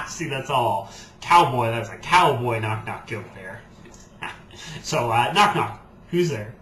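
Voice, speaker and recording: A man's voice: mid-range voice, big pitch swings, slow, pushed and bright, a little hiss or hum. A man telling corny cowboy jokes for kids in a playful way, chuckling at his own punchlines. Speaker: ukulele performer telling jokes. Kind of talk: corny kids' jokes and sing-along. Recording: roomy echo with banjo music.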